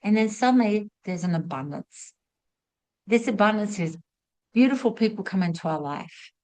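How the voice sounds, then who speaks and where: A woman's voice: mid-range voice, moderate pace, low-quality recording. Chatty woman with a mid-range voice. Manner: chatty and expressive, acts out little quotes. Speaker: spiritual teacher hosting a masterclass. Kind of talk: motivational talk to camera.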